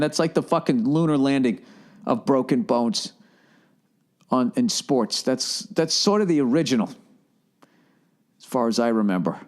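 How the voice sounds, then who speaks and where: A man's voice: medium pitch, animated, moderate pace. A man hosting a solo podcast in a rambling, profane monologue with sarcastic asides. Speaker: podcast host.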